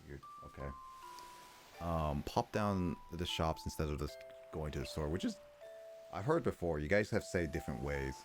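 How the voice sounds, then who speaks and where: Rambling lively-voiced young man. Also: extremely low pitch, normal speed, music in the background. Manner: rambling, frequent restarts. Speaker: streamer. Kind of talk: casual gameplay chat.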